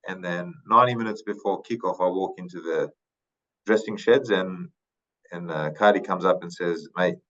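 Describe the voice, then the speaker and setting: Low-voiced man, unhurried, lo-fi sound. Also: fairly bright tone. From Papua New Guinea. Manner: thoughtful, unhurried, many fillers and restarts. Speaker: podcast guest, retired rugby league player. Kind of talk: casual interview storytelling.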